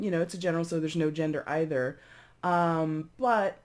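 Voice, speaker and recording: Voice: medium pitch, fairly even intonation, moderate pace. A tarot reader giving a casual reading to camera, chatty and rambling, often repeating and correcting themselves, with giggly asides.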